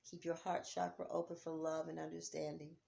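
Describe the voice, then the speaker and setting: A middle-aged woman talking at home about grief, heartfelt, dropping to near-whispers and rising to loud urging. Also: low-pitched, flat delivery, a little fast, creaky. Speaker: vlogger. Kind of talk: emotional vlog talk. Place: home, on a couch.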